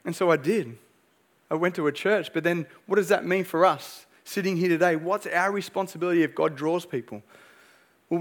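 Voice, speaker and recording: A young man preaching a sermon as pastor, earnest and emphatic, pressing his points with rhetorical questions. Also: fairly high pitch.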